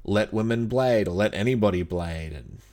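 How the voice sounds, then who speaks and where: A man's voice: fairly low pitch, normal speed, a little mellow. A man co-hosting a podcast, chatting casually about wrestling, swearing a lot. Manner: laid-back, swears a lot, many fillers. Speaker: podcast co-host. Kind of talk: casual wrestling review chat.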